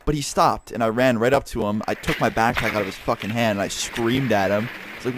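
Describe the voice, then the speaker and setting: A young YouTuber man tells a story in a rapid, animated rush, swearing freely. His voice sits at an ordinary male pitch. Clear gunshots and clicks from a shooter game run underneath. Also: background noise. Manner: animated, profane, heavy swearing. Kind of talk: casual storytelling over gameplay. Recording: game sounds and gunfire behind voice. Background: gunfire and clicks from a game.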